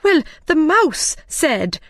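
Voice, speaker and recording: Jumpy storybook hatter played by a woman reader, anxious and pleading, high-pitched and slow. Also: sing-song, dry recording, studio quality, full character voice. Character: nervous, frightened adult male hatter.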